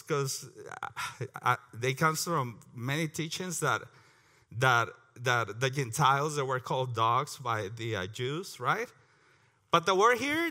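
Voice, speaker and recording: A man leading a prayer and then teaching a Bible passage, earnest and repeating words as he goes, clearing his throat often. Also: a little high, pushed and bright. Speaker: preacher.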